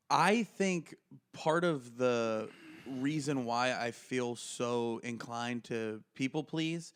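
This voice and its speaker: A man co-hosting a podcast, telling stories in casual chat and acting out what others said. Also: mid-range voice. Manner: animated storyteller, acts out quotes with laughs. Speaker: podcast co-host.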